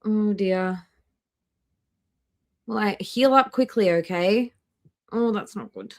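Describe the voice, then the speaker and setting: Speaking slowly at a medium pitch, a young Australian livestream host reacts to content, bluntly sharing her opinions while greeting people in chat.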